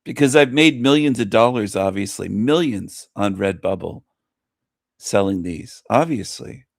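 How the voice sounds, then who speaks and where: A man chats slowly on his livestream, with a low, gravelly voice. He keeps repeating phrases with gleeful mockery. The sound is close and dry, with no room echo. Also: expressive. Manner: repetitive, gleeful mocking. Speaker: livestream host. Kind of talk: casual livestream chat.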